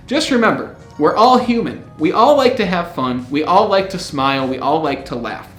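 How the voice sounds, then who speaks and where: A man coaching public speaking to camera in an upbeat way, with rising inflections, often switching between bright and low smooth tones. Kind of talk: upbeat instructional talk to camera. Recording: echoey room, faint music.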